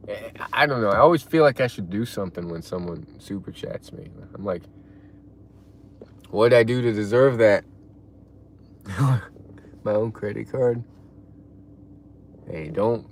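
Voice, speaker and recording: A man live-streaming and chatting casually, reading out chat messages in a laid-back way and reacting loudly to donations. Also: lowish voice, lively intonation, normal speed, slight background noise.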